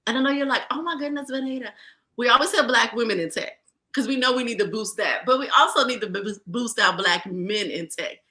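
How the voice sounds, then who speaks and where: A woman with a Southern accent from rural Virginia, hosting a podcast in a lively, folksy, chatty way. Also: on the high side, brisk. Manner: lively, folksy, talks straight to listeners. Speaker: podcast host. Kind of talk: casual podcast chat.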